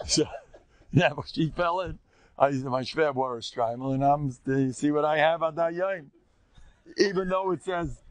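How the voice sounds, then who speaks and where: Older rabbi man cracking jokes in a lecture, gravelly voice, dry close sound. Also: fairly high pitch, no echo. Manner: rambling, joking, teases his audience. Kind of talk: humorous religious lecture.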